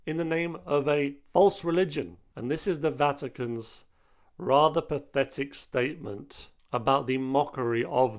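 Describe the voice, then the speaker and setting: A man's voice: mid-range voice, measured pace. Guy doing an opinion commentary vid, mid-range voice, fired up and emphatic. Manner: indignant, emphatic. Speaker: host.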